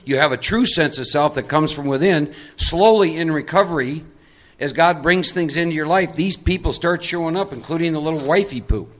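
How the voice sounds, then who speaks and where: Speaking a little fast in a somewhat high voice, a man leads a live recovery workshop in a meeting room full of people. He coaxes volunteers from the audience into a role-play, keeping his tone conversational.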